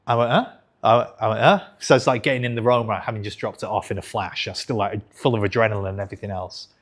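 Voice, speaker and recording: A man's voice: fairly low pitch, steady tone, fast. Frank man in his thirties. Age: 30s. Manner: frank, conversational, swears casually, self-corrects. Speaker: investing channel host. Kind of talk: candid storytelling to camera.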